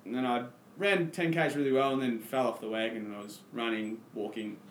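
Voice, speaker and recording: A man's voice: mid-range voice, fairly even intonation, brisk, echoey room, slight background noise. An Australian man, a podcast guest, telling a story in casual chat and acting out his own past lines.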